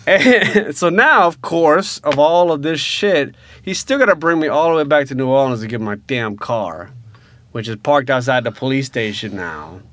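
A man from Louisiana telling a story in casual talk, animated and profane, dropping to hushed asides and then rising into loud rants. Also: medium pitch, moderate pace.

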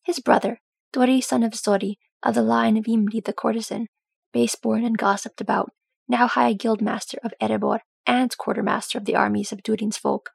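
A woman narrating a storybook calmly, her voice gravelly with a husky grain. The recording is dry and close, with no room sound at all. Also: fairly high pitch, fairly quick, dry recording. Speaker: audiobook reader.

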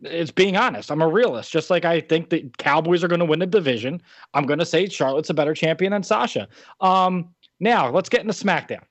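A young New Jersey man co-hosts a casual podcast chat, ranting and opinionated. His voice sits on the high side and sounds animated, moving a little fast. The dull, dry lo-fi recording has no echo.

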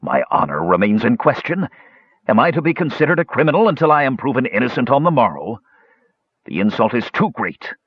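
A man voicing a proud, furious old male dwarf who rants in a shrill, sputtering, indignant way. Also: big pitch swings, a little fast, husky, no room sound. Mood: outraged. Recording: dull, dry lo-fi audiobook recording.

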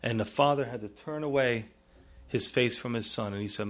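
At a moderate pace, a pastor preaches an earnest sermon, his voice rising in pleading and dropping soft and low, often asking "you see?" and "right?".

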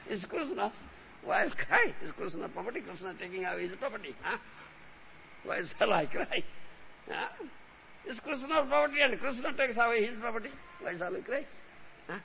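Gravelly high-voiced male spiritual teacher. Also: very animated, moderate pace, long pauses. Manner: emphatic, repeats a questioning "huh?". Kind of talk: devotional lecture. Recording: lo-fi recording with faint hiss.

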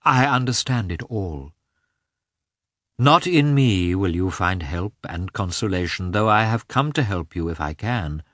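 A man voicing a devout, ecstatic countess who speaks softly and fervently. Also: sits low, expressive, measured pace, no echo, clean studio sound, heavily acted. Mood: fervent consoling. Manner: soft, fervent, sighing. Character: pious ecstatic countess, middle-aged, consoling and devout. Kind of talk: audiobook character voice.

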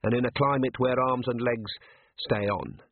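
Man doing a polite young assassin, formal and quietly menacing, husky voice, thin phone-like audio book. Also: mid-range voice, steady tone, moderate pace, no room sound.

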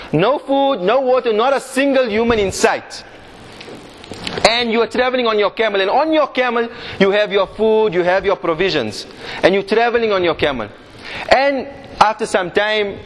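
A man's voice: high voice, long reverb tail, a little hiss or hum. A man preaching a sermon, telling a vivid story full of rhetorical questions.

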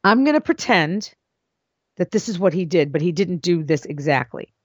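A woman's voice: fairly low pitch, expressive, moderate pace, breathy edge, no room sound. A woman hosting an advice show in a casual monologue, blunt and emphatic, her voice swooping up into exclamations. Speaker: podcast host and script consultant. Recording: dull lo-fi dry recording.

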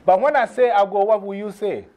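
High-voiced man leading a drum class. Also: brisk, a little hiss or hum. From from abroad. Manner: energetic, coaxing, repeats cues for a group. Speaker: drumming workshop leader. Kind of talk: call-and-response teaching. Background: hand drums playing.

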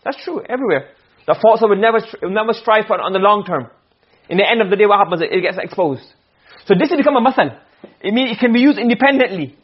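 A man's voice: high-pitched, lively intonation, fast, slightly rough. A man teaching a class on Arabic rhetoric, reading Arabic phrases and explaining them in English while often checking that the students understand. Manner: keeps checking with the class, asking "okay?" and "you understand?"; switches between Arabic text and English explanation. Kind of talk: classroom lecture. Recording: dull lo-fi classroom recording.

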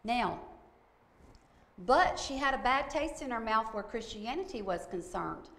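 Woman preacher, higher voice, emphatic storytelling, roomy echo. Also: lively intonation, a little slow, fairly bright tone. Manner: emphatic, repeats "okay?" for emphasis. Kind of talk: sermon-style storytelling. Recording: echoey room.

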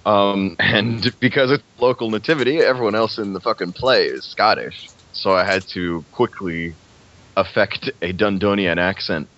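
A man's voice: on the low side, moderate pace, a bit bright, a little hiss or hum. A man co-hosting a podcast in casual chat, joking and swearing freely. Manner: joking, swears freely, tries silly accents. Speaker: podcast co-host. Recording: dull lo-fi audio.

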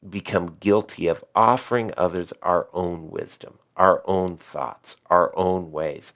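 A middle-aged man preaching a sermon as pastor, rising on key lines and dropping to quiet asides. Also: deep voice.

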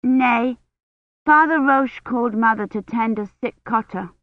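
Lady putting on a bossy little girl, high and bouncy, tinny phone-like sound. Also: measured pace, no echo, close to an everyday voice. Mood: eager. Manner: eager, high childlike chatter. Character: eager bossy little girl, noble child. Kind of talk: audiobook character voice.

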